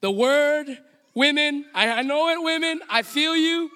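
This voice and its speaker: A man's voice: very high-pitched, unhurried, bright, forceful tone. A man with a Hawaiian accent preaching a sermon as pastor, playful and direct, calling on the congregation to repeat lines back to him. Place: church sanctuary. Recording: long hall reverb.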